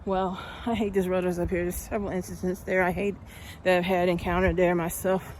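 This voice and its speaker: A woman's voice: fairly low pitch, flat delivery, fairly quick, a little mellow, slight background noise. A woman chatting and telling a story while out walking, a little out of breath, growing heated as she talks. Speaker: vlogger. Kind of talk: casual walking vlog. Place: outdoors, walking.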